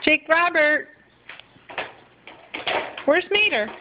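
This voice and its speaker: A young mother at home, talking to her toddler in a drawn-out, sing-song, coaxing way. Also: high voice, expressive. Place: at home, indoors. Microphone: home video camera. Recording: muffled home video with hiss.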